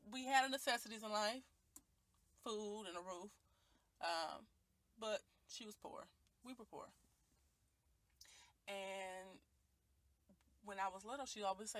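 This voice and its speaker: A woman's voice: mid-range voice, fairly bright tone, no room sound. A woman, talking earnestly and from the heart in a personal video monologue recorded on a phone. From Detroit, USA. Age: 20s. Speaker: vlogger.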